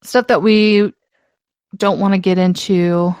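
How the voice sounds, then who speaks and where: A woman co-hosts a podcast in an unhurried, laid-back way, teasing her partner and swearing now and then. Her voice sits in the middle range and is recorded close and dry. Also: medium pitch, fairly even intonation, a little mellow, clean tone, no echo. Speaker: podcast co-host. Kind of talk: casual chat.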